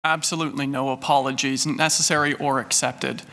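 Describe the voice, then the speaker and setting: A man chairs a council board meeting, courteous and orderly as he hands the floor to presenters. His voice is bright and forceful. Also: medium pitch, level tone, fairly quick.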